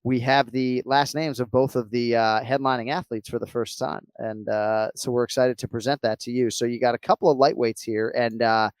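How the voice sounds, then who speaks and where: A man's voice: medium pitch, steady tone, moderate pace, few pauses, clear, resonant tone, dry recording. Guy hosting a fight podcast, loose and jokey, drops swears, dry close mic. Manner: loose, joking, swears casually. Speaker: podcast host. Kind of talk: casual sports podcast chat.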